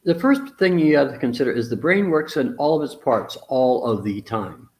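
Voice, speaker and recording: A man's voice: medium pitch, very animated, normal speed, darkish tone. A man in a casual discussion, explaining ideas bluntly with restarts, mild swearing and acted-out quotes. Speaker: relationship teacher in a conversation.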